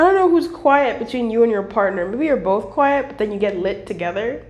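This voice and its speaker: A woman giving a casual tarot reading, chatty and animated, swearing and laughing as she talks. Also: fairly high pitch, moderate pace, few pauses, echoey room. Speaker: tarot reader.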